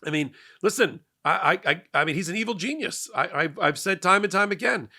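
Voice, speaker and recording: A man's voice: high-pitched, expressive, brisk, pushed and bright. A man hosting a legal and political commentary show, talking in a sarcastic monologue and often repeating words as he starts sentences.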